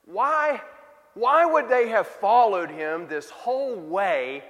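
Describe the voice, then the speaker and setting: A man's voice: sits high, lively intonation, slow, fairly bright tone, in a large hall. A man preaching a sermon in a conversational way, asking his listeners rhetorical questions. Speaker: pastor.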